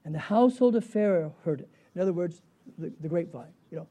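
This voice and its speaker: A man teaching a sermon, animated and chuckling, who keeps putting rhetorical questions to his listeners. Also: sits high, quick pace. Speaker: Bible teacher.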